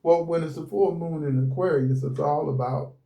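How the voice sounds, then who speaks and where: A man's voice: a little high, moderate pace, gravelly, mellow. A man giving a casual, rambling tarot reading at a table, speaking in a folksy way and repeating himself often. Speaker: tarot reader. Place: indoors at a table with cards laid out.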